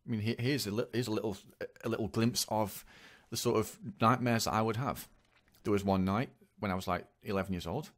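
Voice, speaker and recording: A man telling a personal story in a confessional vlog, speaking haltingly and earnestly with many repeats. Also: lowish voice, fairly even intonation. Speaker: vlogger.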